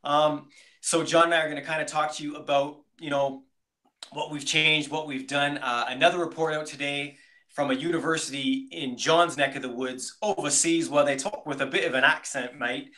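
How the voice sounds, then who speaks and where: Upbeat bright-voiced male podcast host. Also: on the high side, steady tone, normal speed. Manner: upbeat, enthusiastic, addresses listeners as "beautiful people". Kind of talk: casual podcast chat.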